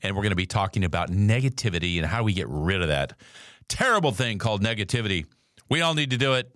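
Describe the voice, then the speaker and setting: Lively low-voiced male podcast host. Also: quick pace, dry recording, studio quality. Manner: conversational, reads quotes aloud with asides. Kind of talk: morning motivational talk.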